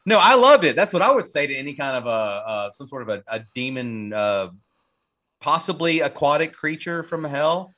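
A man co-hosting a podcast, casually recapping a horror movie in a rambling, profane, animated way. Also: on the high side, normal speed. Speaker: podcast co-host.

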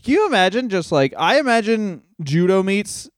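A man's voice: sits high, very animated, moderate pace, dry recording, studio quality. A man co-hosting a comedy podcast, telling stories in a sarcastic, profane, casual way. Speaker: podcast co-host.

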